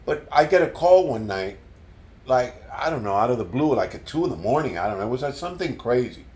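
An older man being interviewed as a musician, telling stories in an animated way and repeating words as he recalls them. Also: mid-range voice, a little fast. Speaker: guest musician. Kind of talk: casual storytelling interview. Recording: roomy echo.

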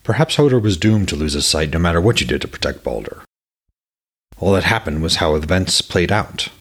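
A man's voice: low-pitched, lively intonation, brisk, slightly rough, heavily acted. A man voicing a troubled male king of the gods, speaking grimly and shaken in a storybook reading. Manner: grim, shaken.

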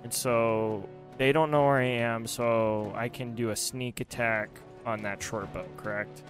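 A man's voice: medium pitch, fairly even intonation, unhurried, faint music behind. A man playing a tabletop game, asking hesitant questions with fillers. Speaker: player. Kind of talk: casual tabletop play.

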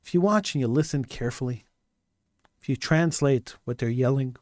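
A man's voice: mid-range voice, moderate pace, darkish tone, no room sound. A man delivering an impassioned monologue commentary, hammering points home with repeated rhetorical questions.

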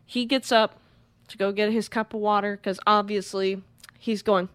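A woman co-hosting a podcast, retelling a movie in lively casual chat and acting out the characters. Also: mid-range voice, moderate pace, clean tone, no echo. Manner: animated retelling, acts out characters, swears freely. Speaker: podcast co-host. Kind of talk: casual film recap.

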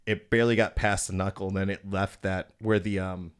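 A young man hosting a casual chat, telling stories with lots of swearing and lively acted-out quotes. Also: deep voice, a little fast, smooth. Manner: profane, animated storyteller. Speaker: podcast host.

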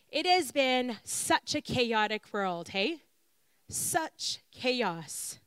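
A woman's voice: on the high side, fairly bright tone, clear, resonant tone, dry recording. A woman giving an earnest, reflective sermon-style talk, building her points through repeated lists.

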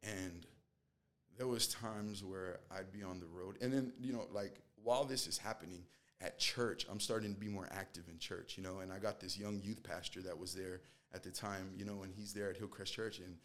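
A man's voice: low voice, fairly even intonation, normal speed, a bit bright. A man telling his faith testimony in casual talk, earnest and rambling, with constant "you know" fillers and acted-out quotes. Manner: acts out quoted dialogue. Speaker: guest sharing a faith testimony.

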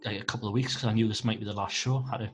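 A man voicing a shy, hopeful teenage boy who hesitates and speaks softly. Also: lowish voice, steady tone, racing, close to an everyday voice.

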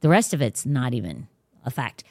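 A woman's voice: extremely low pitch, sing-song, moderate pace, darkish tone, husky, dry recording, studio quality. Blunt, emphatic woman podcast host. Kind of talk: casual faith talk.

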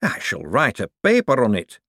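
A man voicing an eager, fussy little male bank economist who talks slowly and earnestly. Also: medium pitch, wildly swooping pitch, a bit bright, breathy edge, dry recording, studio quality, pitched above the performer's own voice, exaggerated voice.

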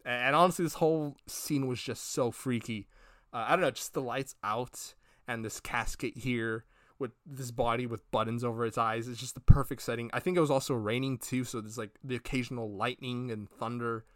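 A man's voice: medium pitch, steady tone, brisk, a bit bright, no echo. Rambling male podcast co-host, dry sound. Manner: rambling, retells scenes acting out characters' lines, swears casually. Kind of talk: casual review chat.

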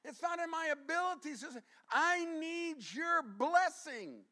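A man acting out a desperate man who clings on and begs to be blessed, pleading loudly and repeating himself. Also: extremely high pitch, expressive, a little slow, voice pushed up, heavily acted. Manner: pleading, loud and repetitive.

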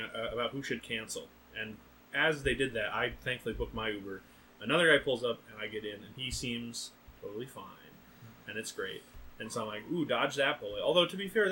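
A young man hosting a podcast, casually telling an animated story, acting out other people's lines and laughing often. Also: medium pitch, normal speed, slight background noise, low-quality recording. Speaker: podcast host.

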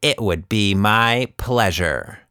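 A man voicing a bold, loyal female toy monkey with a bright, excited voice. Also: on the low side, slow pace, clean tone, no echo, studio quality. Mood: fierce.

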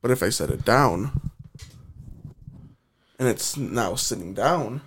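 A man's voice: medium pitch, lively intonation, takes it slowly, slight background noise. A man co-hosting a sports podcast, chatting casually and rambling with lots of filler words and jokes. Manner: rambling, many "like" fillers, joking. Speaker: podcast co-host. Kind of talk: casual banter.

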